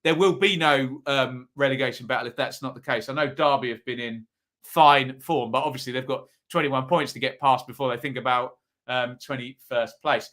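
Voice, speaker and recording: A man's voice: mid-range voice, fairly even intonation, moderate pace, fairly bright tone. A man hosting a live football watchalong stream, chatting to his viewers and tossing out tag questions.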